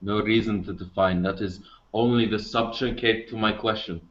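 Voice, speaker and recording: Heavy-accented male caller, slightly low voice, pompous and wordy, lo-fi line. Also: fairly even intonation, normal speed, a bit bright. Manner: pompous, long-winded formal wording. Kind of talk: call-in question. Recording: lo-fi call audio.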